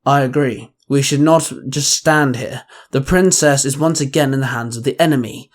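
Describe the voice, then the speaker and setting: A man's voice: mid-range voice, normal speed, lightly acted. A man voicing a stern, duty-bound male warrior in a fan fiction reading, firm and grunting. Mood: urgent. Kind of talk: fan fiction read aloud.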